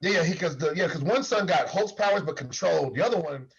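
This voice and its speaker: Casual co-host, male, slightly high husky voice, animated and slangy, dull lo-fi audio. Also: fast. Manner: animated, laughing, slangy retelling. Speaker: podcast co-host. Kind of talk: casual chat. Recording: dull lo-fi sound.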